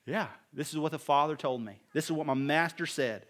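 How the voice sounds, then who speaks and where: A man's voice: fairly high pitch, fairly quick, fairly bright tone. A man preaching a sermon to a congregation, reading scripture and adding casual joking asides before building to emphatic appeals. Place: room with a live congregation.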